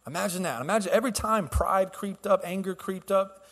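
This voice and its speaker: A man's voice: high-pitched, a little fast, fairly bright tone, breathy edge. A man preaching a sermon as pastor, telling stories casually with restarts and laughs, then building to fervent exhortation. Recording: long hall reverb.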